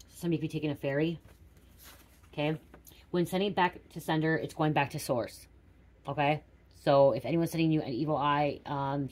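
A middle-aged woman doing a casual spiritual card reading, musing aloud and repeating words as they come to her. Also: low voice. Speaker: tarot reader.

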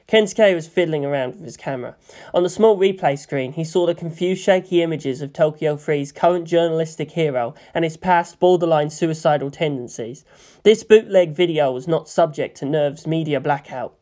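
A man narrating a fan fiction story in a steady, measured reading. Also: fairly high pitch. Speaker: fanfiction reader. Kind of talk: scripted narration.

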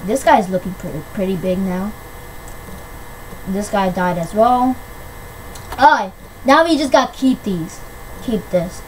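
A woman giving casual gameplay commentary, excitable and quick to shriek when things go her way. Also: medium pitch, a little hiss or hum, rough recording. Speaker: gamer. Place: at home on a PC.

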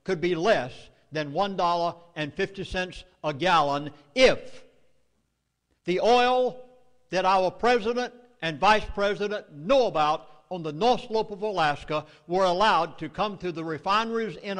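A middle-aged man with a Southern US accent addresses a meeting in a public speech. He speaks in a fairly high voice. He delivers his warnings emphatically and urgently. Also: a little slow, fairly bright tone, long reverb tail.

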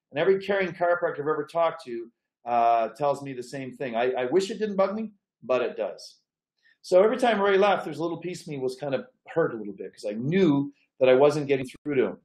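A man's voice: a little high, a little mellow. Emphatic folksy man in an echoey room. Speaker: chiropractic coach. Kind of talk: storytelling talk to chiropractors.

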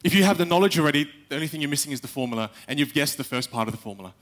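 A young man giving a live talk on stage, animated, acting out little quotes and speaking straight to the audience. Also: on the high side, racing. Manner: animated, acts out quotes, addresses the audience directly.

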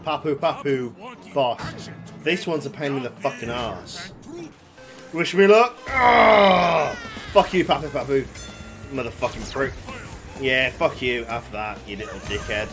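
A man giving excitable, swear-heavy let's play commentary, yelling at the game as he plays. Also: medium pitch, unhurried. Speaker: gaming YouTuber. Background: game music.

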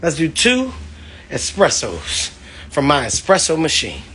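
Hyped, high-voiced comedian man. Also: huge pitch swings, unhurried, slight background noise. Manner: hyped, loud and playful, swears constantly, laughs between lines. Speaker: comedian hosting his own live stream. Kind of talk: hyped, profane live-stream rant. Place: at home.

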